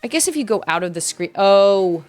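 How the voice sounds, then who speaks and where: A woman's voice: mid-range voice, a little fast, soft background music. A young woman streaming a game, chatting casually with viewers and often laughing and squealing. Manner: chatty, giggly, squeals excitedly at game moments. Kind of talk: casual gameplay chat with viewers.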